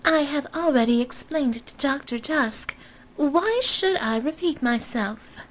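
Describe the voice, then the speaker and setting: Woman reader doing a cold, high-pitched society heiress with a prim, formal delivery. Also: animated, unhurried, fairly bright tone, rough recording. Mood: haughty. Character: haughty young blonde heiress, cold and disdainful.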